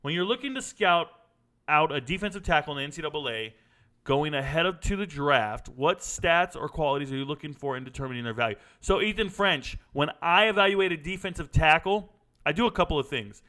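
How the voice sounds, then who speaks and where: A man's voice: fairly high pitch, animated, fairly quick, pushed and bright. A young man hosting a casual college football livestream, reading viewer comments aloud and answering them in a breezy way.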